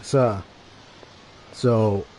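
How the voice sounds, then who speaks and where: A man's voice: fairly low pitch, steady tone, drawn-out words, darkish tone. A man livestreaming a game, talking casually to his chat in a rambling, repetitive way as he explains himself. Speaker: game streamer. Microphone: desk microphone.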